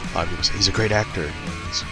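A man's voice: deep voice, very fast, over loud music. A young man giving a rambling, profane opinion rant and chuckling between remarks. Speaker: online commentator.

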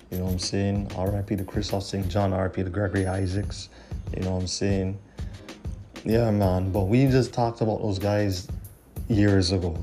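A man's voice: lowish voice, warm tone. A man hosting a solo podcast, talking casually and bluntly and ranting, with "you know what I'm saying" in nearly every sentence. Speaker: podcast host. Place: Toronto.

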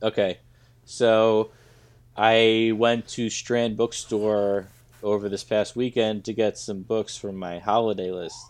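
A man's voice: lowish voice, little pitch movement, takes it slowly. A man co-hosting a casual comedy podcast, trading puns and reading mock ads with a jokey delivery. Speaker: podcast co-host.

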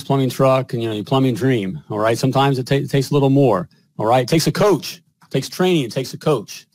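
A man's voice: mid-range voice, darkish tone, dry recording. A male show host and business coach who talks emphatically, often tagging lines with "all right?" and "you know". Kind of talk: host conversation and spoken sponsor pitch.

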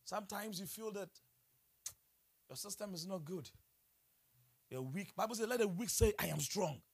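A man preaching a sermon in an animated way, exclaiming, laughing and putting questions to his listeners. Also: high-pitched, moderate pace, slightly rough.

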